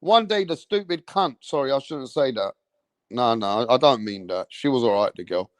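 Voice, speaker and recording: A man, hosting a live stream, telling rambling stories in an animated way, swearing often and tagging lines with "bruv". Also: medium pitch, normal speed, no echo. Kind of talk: rambling storytelling.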